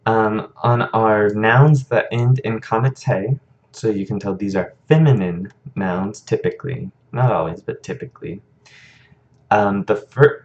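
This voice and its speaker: A man's voice: lowish voice, dull audio. A man teaching a recorded lesson, explaining patiently and checking in with frequent "okay"s.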